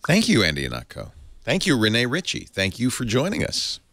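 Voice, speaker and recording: A gravelly man with a bright, lively, swooping delivery hosts a tech podcast, joking with his panel and running through show plugs. His voice sits a little low and sounds dry and close to the mic. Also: normal speed, dry recording. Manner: playful, jokey sign-off patter. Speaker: podcast host. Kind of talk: casual podcast hosting.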